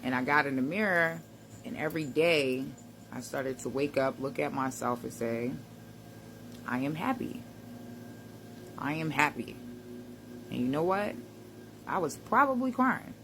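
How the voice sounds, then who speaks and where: A woman's voice: a bass voice, expressive, moderate pace, noisy background. A woman giving a casual motivational talk to camera, conversational and reflective, with slang and frequent laughs. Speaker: self-help vlogger.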